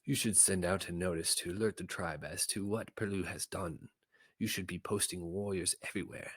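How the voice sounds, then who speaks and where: A man voicing a sly, scheming old creature advisor with a raspy, fawning way of talking, in a storybook reading. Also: low voice, moderate pace, dry recording. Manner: wheedling, fawning flattery.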